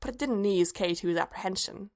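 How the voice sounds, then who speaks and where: A woman narrating a story aloud in a measured, even-paced reading. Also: medium pitch. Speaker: reader.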